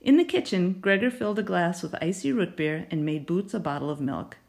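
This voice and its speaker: A woman narrating a children's novel in an expressive storytelling manner. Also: fairly low pitch, fairly quick, creaky. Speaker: audiobook narrator.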